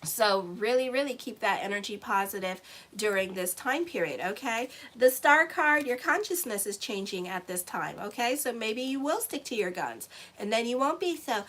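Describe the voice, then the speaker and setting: A woman's voice: fairly high pitch, lively intonation, normal speed, a bit bright, low-quality recording. A woman astrologer giving a casual monthly tarot reading, talking bluntly and sassily straight to her viewers. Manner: blunt, sassy, talks straight to viewers with y'all and okay.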